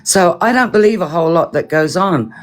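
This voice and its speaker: A woman earnestly pleading for everyone to calm down during a live-stream argument. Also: fairly low pitch, a little fast.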